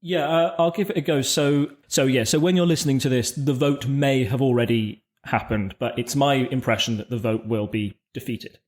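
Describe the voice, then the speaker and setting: Man explaining politics. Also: mid-range voice. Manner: explanatory, measured, with frequent restarts. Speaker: podcast co-host. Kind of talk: casual political discussion.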